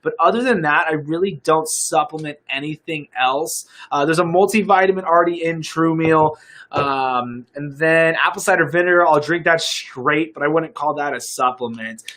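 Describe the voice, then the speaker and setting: A man's voice: on the high side, normal speed, sharp tone. A young man, a fitness coach, chatting casually on a livestream and answering viewer questions in an upbeat way.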